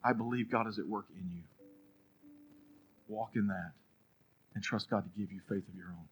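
A man preaching a sermon as pastor, telling a story, then swinging between loud urging and a hushed, prayerful hush. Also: lowish voice, normal speed, a little hiss or hum, low-quality recording.

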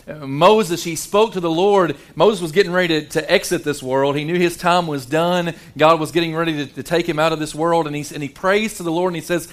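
Male pastor, slightly high voice, sermon delivery, hushed dramatic emphasis, frequent restarts. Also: brisk, few pauses. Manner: dramatic, shifts between hushed low tones and animated quoted voices; repeats words and restarts often.

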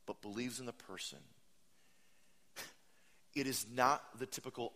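A man in his thirties preaching a sermon as pastor, animated, jumping into high mocking voices and dropping to soft, earnest lines. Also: unhurried, long pauses.

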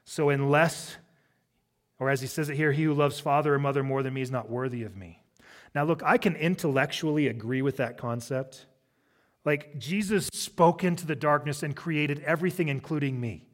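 Middle-aged male pastor, conversational sermon with funny asides, slightly high pitch. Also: moderate pace. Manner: conversational preaching with humorous asides.

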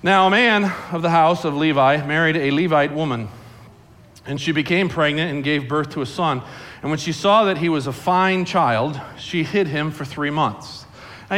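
A middle-aged male pastor delivers a lively sermon, swinging between chatty storytelling and playful acted-out voices. His voice sits a touch higher than most men's. He keeps things humorous and conversational while preaching.

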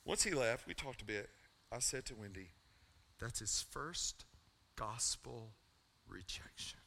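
A man's voice: medium pitch, animated, unhurried, gravelly, sharp tone. A middle-aged man, a pastor telling a personal story in his sermon and building to a fervent altar call.

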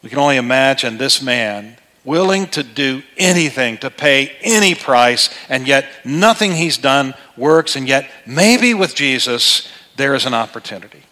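A middle-aged man delivers a sermon from the pulpit. His voice is bright and forceful, conversational one moment and emphatic the next. A long reverb from a large church hall trails behind every phrase. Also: medium pitch, expressive, measured pace. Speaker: pastor.

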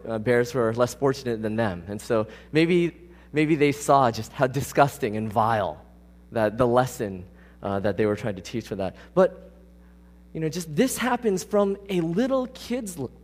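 A man preaching a conversational sermon. He speaks casually but with emphasis and often puts questions to the congregation. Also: medium pitch. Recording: long reverb of a large hall.

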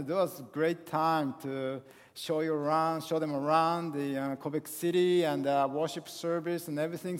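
High-voiced man preaching, halting. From Japan. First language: Japanese. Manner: halting, full of hesitations and restarts. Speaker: guest pastor. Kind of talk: sermon. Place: church sanctuary. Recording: long hall reverb in a church.

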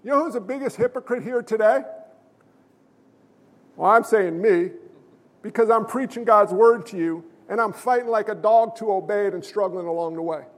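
A man with a strikingly high voice delivers a fervent sermon, pressing his listeners with question after question. His words ring out with a long, lingering hall reverb, as if from a large sanctuary. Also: normal speed. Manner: emphatic, calls out to the congregation with questions. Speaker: pastor. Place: church sanctuary.

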